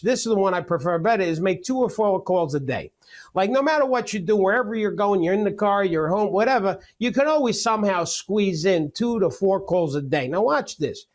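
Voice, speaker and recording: A middle-aged man teaching real estate business planning in a webinar over a video call, energetic and joking. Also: sits high. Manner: energetic, joking, rapid-fire.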